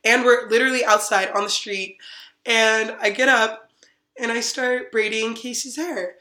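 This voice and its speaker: A woman's voice: on the high side, fairly even intonation, a little slow, pushed and bright. A woman hosting a podcast, telling a story in casual chat, laughing often and acting out what people said. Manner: giggly, acts out quotes with many "like"s. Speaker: podcast host. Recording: echoey room.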